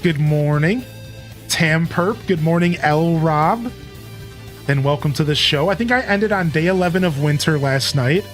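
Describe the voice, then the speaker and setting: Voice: mid-range voice, unhurried, faint music behind. A streamer chatting casually with a live audience, telling a story loosely and greeting viewers by name.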